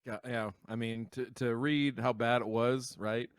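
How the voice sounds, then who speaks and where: A man's voice: mid-range voice, fairly even intonation, measured pace, clean tone, no echo. A man co-hosting a podcast, talking in a casual, earnest and reflective way. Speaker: podcast co-host. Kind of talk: casual chat.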